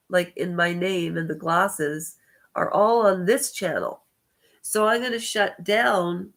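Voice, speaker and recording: Stuffy-nosed woman chatting to her channel, wanders off, keeps fixing what she just said, middle pitch. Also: a bit bright. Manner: meandering, hesitant, corrects herself often. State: congested. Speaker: channel host. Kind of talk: rambling personal vlog talk.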